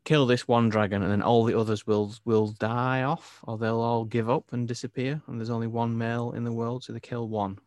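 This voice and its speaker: A man from England co-hosting a casual film review chat, opinionated and animated. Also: medium pitch, fairly quick, few pauses, no echo. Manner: animated, opinionated, laughs easily. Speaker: podcast co-host.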